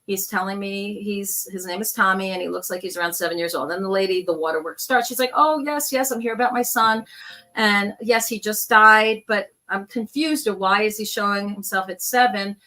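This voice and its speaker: A woman speaks in a bright, forceful voice as she tells her stories. She acts out the people in them as she goes, in a casual, chatty way. She sounds like a guest on a video call. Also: medium pitch, steady tone, brisk, hardly any pauses. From New York. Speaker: guest, psychic medium. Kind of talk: casual storytelling interview.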